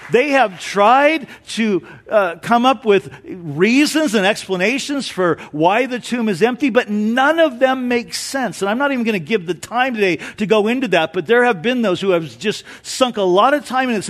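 A male pastor delivers an Easter sermon in a fairly high voice. He preaches dynamically, rising to emphatic declarations and then dropping to a near hush. He mixes in lighthearted stories for the congregation. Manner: dynamic preaching, swinging between emphatic and hushed; storytelling with humor.

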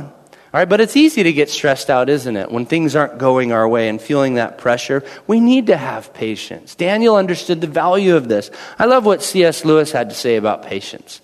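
A man's voice: a little high, expressive, a little fast. A man in his thirties preaching a sermon in a church, talking conversationally, repeating phrases and acting out quoted voices. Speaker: pastor. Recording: long hall reverb.

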